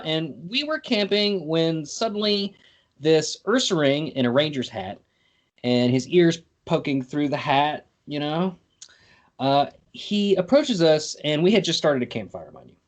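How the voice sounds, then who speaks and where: A man's voice: a little high, expressive, unhurried. A man hosting a podcast in casual comedic chat, telling silly jokey stories. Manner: goofy, jokey storytelling. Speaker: podcast host.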